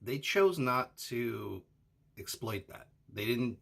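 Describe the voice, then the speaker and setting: A man's voice: mid-range voice, lively intonation, takes it slowly, vocal fry, fairly bright tone, breathy edge. A man co-hosting an anime discussion, asking his partner questions and hedging with fillers as he talks. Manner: asks questions, hedging with fillers like "uh" and "you know". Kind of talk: casual analytical discussion.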